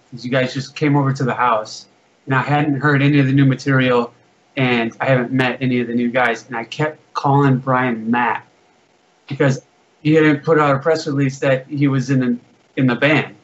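A man's voice: medium pitch, steady tone, moderate pace. A man hosting a podcast, jumping in with an eager personal anecdote in casual chat. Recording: muffled lo-fi podcast recording.

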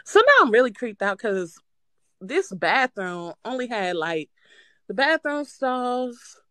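A woman calling in to a show, telling a story in a casual, animated way, swearing freely and breaking into nervous laughter. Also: fairly high pitch, takes it slowly, no echo. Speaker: caller.

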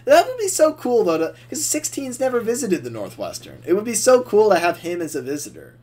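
A young man with a high, very lively voice, rambling excitedly through a casual podcast chat. His thoughts spill out in restarts and fillers, and his pitch swoops up and down as he gets carried away. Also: fairly quick, breathy edge. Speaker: podcast co-host.

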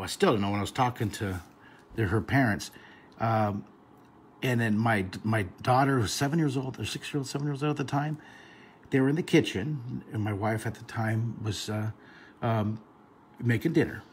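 A man's voice: mid-range voice, normal speed, a little hiss or hum. A middle-aged man teaching drawing, telling a rambling anecdote with many fillers and restarts while he sketches. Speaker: drawing instructor. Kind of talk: casual storytelling during a drawing lesson.

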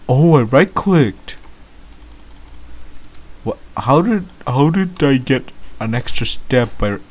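A man's voice: medium pitch, a little mellow. A man giving comedic gameplay commentary as a clueless beginner, whiny, easily startled and rambling with lots of ums. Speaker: gamer playing a clueless beginner.

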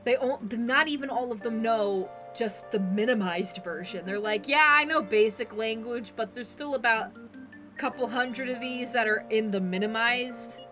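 Female co-streamer, high voice, loud laugh, punchy and joking, game music behind. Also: moderate pace. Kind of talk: casual gaming stream chat.

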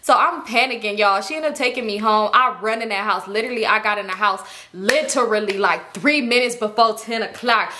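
A young woman telling a story on her channel, animated and slangy, swearing and laughing as she acts out her friends' voices. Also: mid-range voice, brisk, hardly any pauses, noisy background. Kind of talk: casual storytime vlog.

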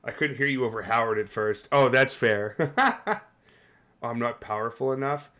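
A man's voice: medium pitch, expressive, moderate pace, sharp tone. A man live-streaming a horror game, talking casually and swearing as he chats with his viewers. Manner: casual and profane, chatting with viewers.

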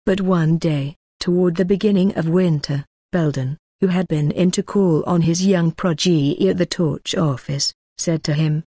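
A woman narrating a classic novel as an audiobook, with a measured, unhurried reading. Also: fairly low pitch, mellow, husky, no room sound, studio quality.

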